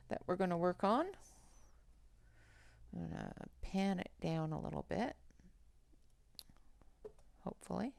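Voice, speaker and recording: Woman, livestream host, unhurried and chatty, slight fry, headset mic, dry sound. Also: medium pitch, a little mellow, dry recording. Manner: chatty, greets viewers by name between colouring steps. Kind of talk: casual livestream chat while colouring.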